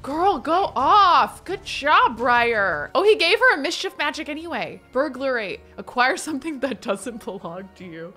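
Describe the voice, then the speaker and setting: A woman giving excitable, chatty let's-play commentary as she plays a life-simulation game, squealing over wins. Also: sits high, moderate pace, hardly any pauses, soft background music. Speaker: gaming video creator.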